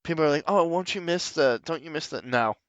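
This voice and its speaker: Smooth-voiced, foul-mouthed man telling stories. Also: on the high side, fairly quick, no room sound, dull audio. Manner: profane, animated storyteller who acts out quoted people. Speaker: podcast host. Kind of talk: casual podcast chat.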